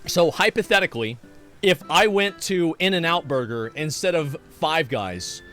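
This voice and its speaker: A man's voice: a little high, animated, a little slow, pushed and bright, soft background music. A man streaming live, chatting casually and reading chat messages in a sarcastic, profane, rambling way.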